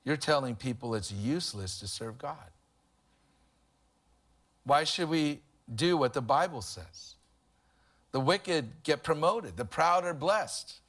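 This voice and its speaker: A man's voice: on the high side, expressive, takes it slowly, pauses often, fairly bright tone. Man preaching a casual, storytelling sermon. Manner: conversational preaching with humorous anecdotes. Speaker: pastor.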